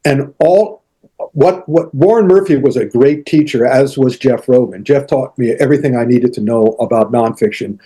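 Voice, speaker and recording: An older man telling animated anecdotes as an interview guest, acting out quotes, with frequent restarts. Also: a little high, breathy edge. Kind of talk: casual storytelling interview.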